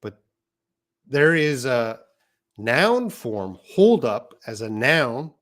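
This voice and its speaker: A man's voice: medium pitch, sing-song, drawn-out words. A man teaching an English lesson on a live stream, reading out viewer comments and explaining patiently.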